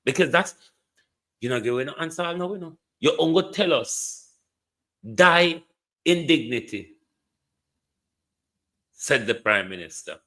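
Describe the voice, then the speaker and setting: A man's voice: fairly high pitch, big pitch swings, moderate pace, fairly bright tone. A man with a Jamaican accent giving indignant, mocking political commentary, repeating phrases for emphasis.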